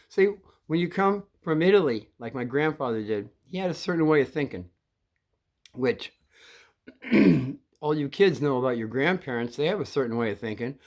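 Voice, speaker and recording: A man's voice: mid-range voice, sing-song. Older man rambling through a childhood story. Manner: rambling, halting, many restarts and throat-clearing.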